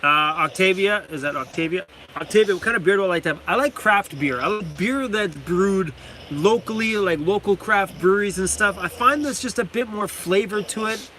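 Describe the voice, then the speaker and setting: A man's voice: high-pitched, moderate pace, bright, forceful tone, a little hiss or hum. A man hosting a casual livestream from inside his van, reading out viewer comments, laughing often and talking to his dog. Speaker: van-life channel host.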